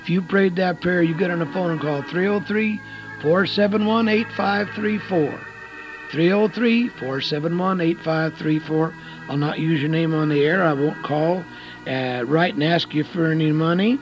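A man in his seventies giving a radio sermon, swinging between hushed pleading and loud, fervent preaching. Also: a little high, normal speed, music in the background. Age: 70s. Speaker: radio evangelist. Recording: dull lo-fi radio broadcast.

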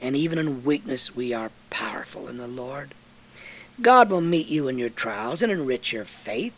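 An older man preaching a sermon in folksy, homespun phrasing, swinging from low, quiet stretches to loud, high-pitched bursts. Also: expressive, normal speed, rough recording.

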